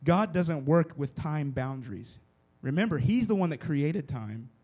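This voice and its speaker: Expressive and a little slow, a man with a fairly high, slightly mellow voice and a breathy edge preaches a casual sermon to a youth group. Before a live audience in a room, he speaks conversationally, often pausing to check that everyone follows.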